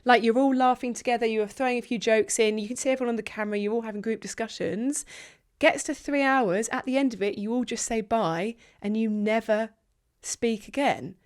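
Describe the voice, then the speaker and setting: A woman co-hosting a podcast, telling a story in an animated, chatty way. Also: fairly high pitch, brisk. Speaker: podcast co-host. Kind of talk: casual comedic chat.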